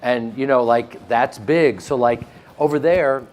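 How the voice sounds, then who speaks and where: A man with a flat Midwestern American accent, answering interview questions in a casual, joking way and laughing often. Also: medium pitch, unhurried, a little hiss or hum. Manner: animated, joking, laughs often, with frequent restarts. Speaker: actor being interviewed.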